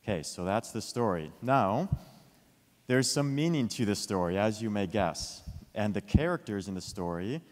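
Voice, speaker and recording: A man telling a children's story with a lesson, lively and asking his listeners questions. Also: lowish voice, normal speed. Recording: long hall reverb.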